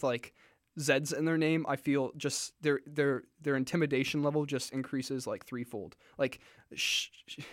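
A man tells a story in a loose, rambling way, leaning on fillers and joking as he goes. His voice sits a little high for a man, and the recording is close and dry with no room sound. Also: dry recording. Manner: rambling, filler-heavy, jokey asides. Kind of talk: casual story retelling.

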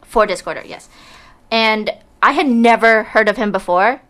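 A woman's voice: a little high, moderate pace, fairly bright tone. A young woman hosting a campus radio show in the studio, chatty and enthusiastic, casually urging listeners to call in.

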